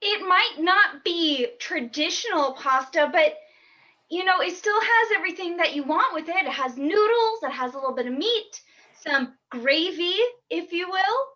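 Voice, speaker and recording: A woman improv performer who gushes excitedly during a comedy scene. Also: very high voice, normal speed, muffled recording. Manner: gushing and excitable.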